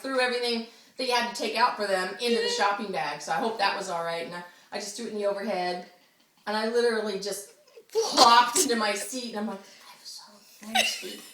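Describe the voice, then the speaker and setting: Animated woman telling a travel mishap. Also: mid-range voice. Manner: animated, acts out quoted voices, laughs often. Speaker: storyteller. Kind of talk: casual storytelling to a listener. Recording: roomy, distant mic, noisy background.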